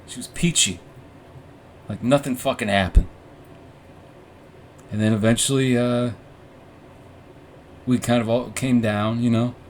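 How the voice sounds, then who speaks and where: A young man hosts a casual podcast, telling a long personal story in a rambling, profane, self-mocking way, full of restarts and fillers. His mid-range voice holds a steady tone and moves a little slowly, with long pauses and a faint hiss or hum in the background. He's in a room with warm orange lighting.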